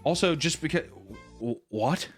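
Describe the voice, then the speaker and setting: A man's voice: on the high side, expressive, a little slow, breathy edge, faint music behind. A young man hosting a comedic movie recap, laughing often and mimicking characters mockingly. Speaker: commentary host.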